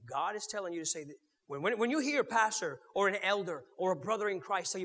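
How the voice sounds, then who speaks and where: A man pastor preaching a sermon, swinging from loud to murmured and mimicking churchgoers in quick mock voices. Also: sits high, expressive. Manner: preaching with sharp swings in loudness, dropping to near murmurs. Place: church sanctuary. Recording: long reverb of a church hall.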